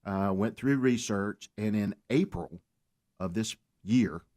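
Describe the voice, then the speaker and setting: A man with a fairly low voice tells his story on a talk radio show. He speaks earnestly, with faith woven into what he says. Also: slow, a little mellow. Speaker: guest.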